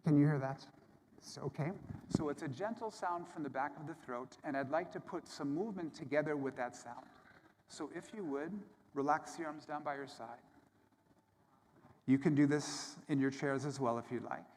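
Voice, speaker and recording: A man teaching yoga to a live audience on a microphone, calmly cueing breath and movement step by step. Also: on the high side, moderate pace, a little hiss or hum. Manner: calm, gentle, step-by-step cueing. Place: large hall at a yoga summit. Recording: long hall reverb with faint room ambience.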